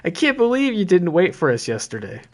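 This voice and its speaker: A man voicing a sharp-tongued teenage girl in a game, scolding and blunt. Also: high-pitched, wildly swooping pitch, brisk, heavily acted.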